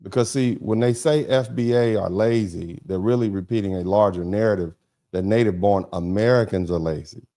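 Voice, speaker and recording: A man's voice: on the low side, fairly quick, warm tone. A middle-aged man hosting a commentary livestream, emphatic and repetitive, with sarcastic asides to his chat. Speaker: host of a commentary broadcast.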